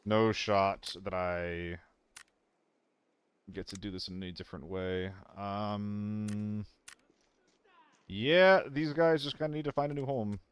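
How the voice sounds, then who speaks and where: A man's voice: on the low side, takes it slowly, pauses often, a little hiss or hum. A man streaming a shooter game, chatting casually and mocking himself while he loots and talks to his chat. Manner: rambling, self-mocking banter with chat. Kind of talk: casual gameplay commentary.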